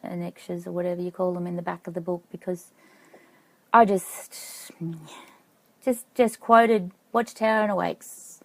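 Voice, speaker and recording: A middle-aged woman telling a personal story to camera in a halting, reflective way, stopping now and then to check her notes. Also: fairly low pitch, level tone, creaky, no room sound, low-quality recording. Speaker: vlogger.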